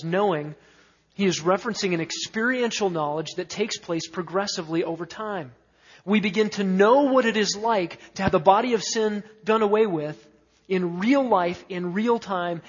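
A man's voice: high-pitched, husky. A man preaching an expository sermon, emphatic, stacking lists of words with rising force. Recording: dull, echoey hall sound.

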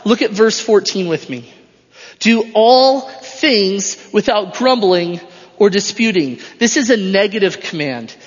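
A high-pitched male pastor delivers an emphatic sermon and drives his points home through repetition. His voice rings out with a long hall reverb, and the recording sounds dull and lo-fi. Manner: emphatic, repeats phrases for stress. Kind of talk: expository sermon.

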